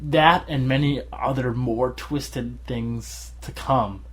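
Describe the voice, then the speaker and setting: A tired man co-hosting a podcast in casual chat, rambling and laughing often as he acts out shouted quotes. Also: mid-range voice, takes it slowly. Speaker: podcast co-host.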